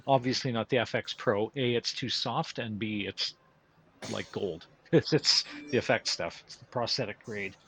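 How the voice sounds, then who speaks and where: A man's voice: fairly low pitch, vocal fry, fairly bright tone, a little hiss or hum. A man hosting a livestream, chatting casually and chuckling as he builds a prop. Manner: easygoing, chuckling, many fillers. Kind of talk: casual chat while working.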